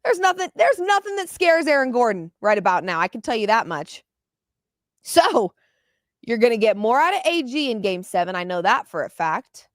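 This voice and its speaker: A woman's voice: on the high side, normal speed, dry recording, studio quality. Passionate woman sports podcast host. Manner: passionate, openly emotional; animated, repeats words when excited. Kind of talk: postgame basketball commentary.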